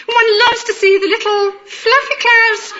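A woman putting on a frightfully posh upper-class English lady with drawn-out, exaggerated vowels, in a dull lo-fi recording. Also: extremely high pitch, little pitch movement, bright, forceful tone, voice pushed up, full character voice. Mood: gushing.

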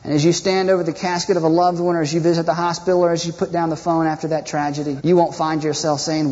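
A man's voice: a little high, flat delivery, quick pace, hardly any pauses, darkish tone. A man preaching a sermon as pastor, impassioned and rhetorical, acting out people's prayers. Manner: impassioned, rhetorical, acts out prayers in mocking voices. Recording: dull echoey hall.

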